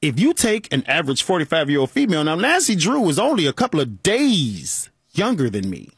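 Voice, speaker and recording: A man's voice: a little high, a little fast, husky, no room sound, clean studio sound. A man, hosting a call-in talk show and joking and laughing as he talks. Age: 40s. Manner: animated, joking, laughs often. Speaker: radio show host.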